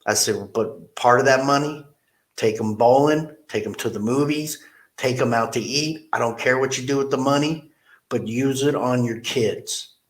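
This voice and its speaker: Telling a story in an interview, a middle-aged man who runs a car dealership speaks in a mid-range voice at a normal pace. He's animated and acts out the quotes as he goes.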